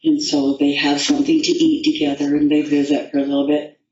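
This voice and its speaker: A woman storyteller telling a folktale and a personal story in an unhurried, rambling way with restarts. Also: low-pitched, monotone, darkish tone, a little hiss or hum. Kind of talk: told folktale and personal anecdote. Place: festival venue. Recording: dull distant echoey room recording.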